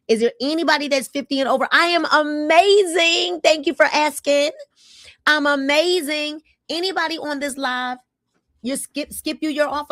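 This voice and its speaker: A woman in her fifties hosting a casual livestream, energetic and repeating calls for viewers to comment. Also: high-pitched, dry recording, studio quality. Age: 50s. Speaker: livestream host.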